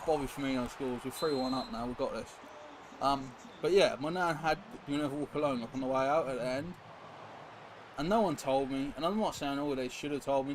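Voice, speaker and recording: A man's voice: on the high side, a little fast. A young man streaming a football game, chatting casually and rambling as he reacts to viewers and play. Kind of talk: casual live-stream chat while gaming. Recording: noisy background hiss.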